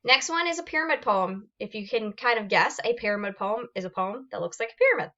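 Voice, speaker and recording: Woman teacher, bright voice, reading out sample poems for a class on a muffled lo-fi recording. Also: on the high side, expressive, fast. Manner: explains step by step, reads examples aloud with fillers and restarts. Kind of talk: recorded classroom lesson on poetry forms.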